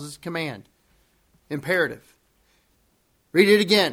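A male pastor preaching a sermon to his congregation, emphatic and deliberate, repeating key phrases for weight. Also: a little high, expressive, fairly bright tone.

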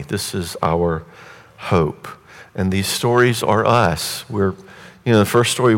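A male preacher delivers a sermon as a vivid, conversational story. His voice is deep and low. Long hall reverb follows his words through a large church space.

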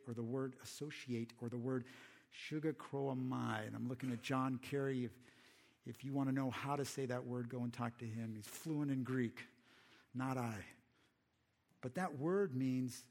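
A male preacher delivering a sermon in a conversational manner. He often asks the audience rhetorical questions, and his voice sits in a medium pitch. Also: a little mellow.

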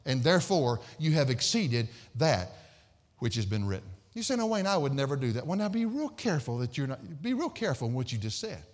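A man's voice: medium pitch, big pitch swings, brisk, in a large hall. A man preaching an expository sermon, emphatic and storytelling, repeating phrases for stress.

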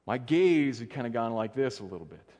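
A man's voice: animated, fairly quick. Earnest male pastor in echoing hall. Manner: earnest, dropping soft and low for emphasis. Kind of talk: sermon. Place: church sanctuary. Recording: long church hall reverb.

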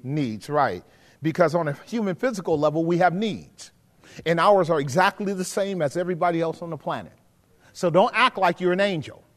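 A man preaching a sermon, asking the congregation questions and swinging between quiet, low stretches and emphatic rises. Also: expressive, a little fast. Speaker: pastor. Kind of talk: sermon teaching. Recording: hall with long reverb.

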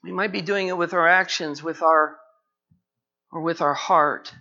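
A man's voice: on the high side, fairly even intonation, measured pace, gravelly, pushed and bright. A man preaching a sermon as pastor, repeating phrases and building to urgent pleading. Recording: dull lo-fi church recording.

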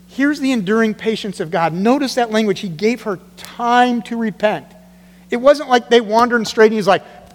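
A man preaching a sermon in a church, animated, acting out the voices he quotes. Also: high-pitched, normal speed, big-room sound, a little hiss or hum. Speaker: pastor.

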